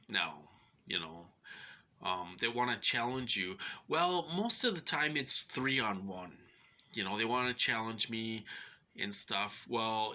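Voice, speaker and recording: A middle-aged Minnesota vlogger with a lowish voice sounds pushed and bright. He rambles through an aggrieved personal monologue full of fillers and restarts, short of breath.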